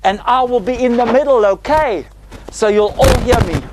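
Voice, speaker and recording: This tour guide is a retired South African flight attendant in his sixties, walking a group through a parked plane's cabin with flamboyant energy and frequent "eh?" tags. The pitch is extremely high, the pace moderate, and the audio very noisy.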